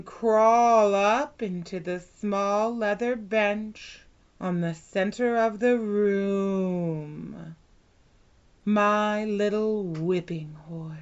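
Very slow commanding woman, whispered role-play. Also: medium pitch, fairly even intonation, muffled recording, noisy background. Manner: slow, soft, commanding, drawn-out hypnotic delivery. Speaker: hypnotist in a dominant role-play.

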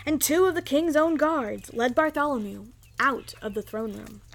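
A woman reading a children's story aloud in an expressive, lively way. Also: sits high, normal speed, gravelly, a little hiss or hum.

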